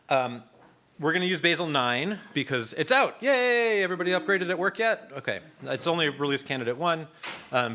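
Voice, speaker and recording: A man's voice: medium pitch, sharp tone. A middle-aged man leading a live technical workshop, talking casually with many ums and restarts. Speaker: instructor. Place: conference room.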